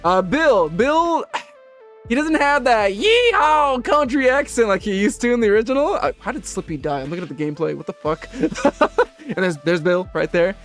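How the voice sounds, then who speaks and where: Brief: high-pitched male gaming host, rambling casual review, faint music underneath. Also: big pitch swings, moderate pace. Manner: rambling, chatty, laughs easily. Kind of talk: casual game review voice-over.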